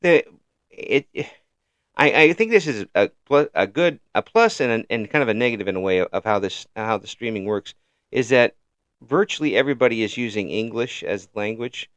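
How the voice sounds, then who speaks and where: A man hosting an interview in a casual chat, halting and easygoing, often restarting his sentences and laughing. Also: mid-range voice, expressive, a bit bright, no echo. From United States. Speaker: interview host.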